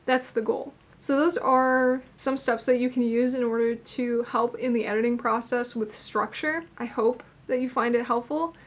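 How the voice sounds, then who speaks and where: A woman's voice: fairly high pitch, fairly even intonation. A young woman hosting her own channel, explaining poetry in a casual, thoughtful way, thinking aloud and correcting herself as she goes. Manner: thoughtful, self-correcting, talks through ideas slowly. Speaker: poetry teacher, channel host. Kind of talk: casual instructional talk on poetry.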